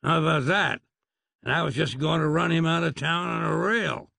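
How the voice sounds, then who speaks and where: A man's voice: a little high, fairly even intonation, moderate pace, vocal fry, sharp tone, dry recording, studio quality, pitched above the performer's own voice, heavily acted. A man doing a blustering lawman. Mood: indignant. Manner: rambling folksy bluster. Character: blustering Wild West lawman, folksy and long-winded.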